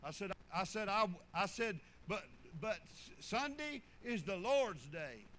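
A man preaching a folksy sermon, swinging from fervent loud passages to low muttered asides. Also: sing-song, slow, a little hiss or hum, rough recording.

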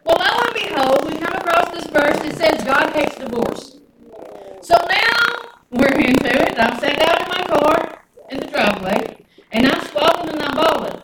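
High-voiced woman preaching. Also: expressive, normal speed. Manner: folksy, calls on the congregation for responses. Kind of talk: sermon. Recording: echoey room, mic at a distance, noisy.

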